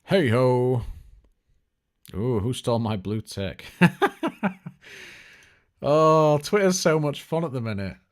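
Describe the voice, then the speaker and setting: A man's voice: mid-range voice, animated, measured pace, long pauses. A man hosting a casual tech live stream, chatty and joking, with lots of fillers and restarts. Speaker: tech show host.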